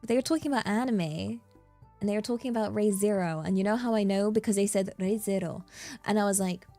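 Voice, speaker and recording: A woman streamer in casual livestream chat, rambling and playful, with lots of fillers and sudden bursts of excitement. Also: medium pitch, fast, soft background music. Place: in Japan.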